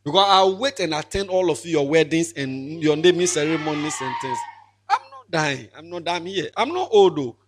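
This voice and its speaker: A man's voice: fairly high pitch, sing-song, moderate pace, noisy background. A young Ghanaian man in his twenties preaches a farewell sermon to his congregation. He mixes emotion with jokes, repeating himself as he talks. His voice sits a little above the usual male range. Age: 20s. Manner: emotional, joking, repetitive, pulpit preaching. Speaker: pastor.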